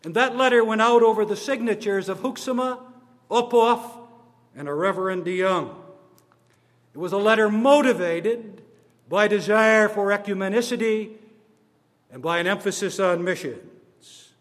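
A man giving a formal address on church history, slow and deliberate, stressing his words one by one. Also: high voice. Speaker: church speaker on denominational history. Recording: long reverb of a large hall.

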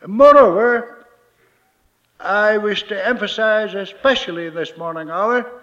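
A man preaching a sermon as a minister, slow and emphatic, repeating his key phrases. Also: high voice, pushed and bright, lo-fi sound.

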